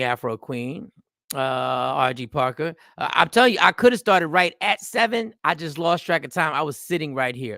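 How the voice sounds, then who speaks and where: A man in his forties hosting a casual live show, animated and rambling, often repeating phrases. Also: a little high, no echo, clean studio sound. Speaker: comedian and show host. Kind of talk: casual live-stream talk.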